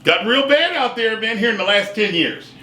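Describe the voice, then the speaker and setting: A man's voice: sits high, animated, brisk, sharp tone. A middle-aged man co-hosting a talk show, folksy and exuberant, forever saying "man" and "I'm telling you". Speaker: co-host and sports super fan. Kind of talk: casual talk show banter. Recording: echoey room.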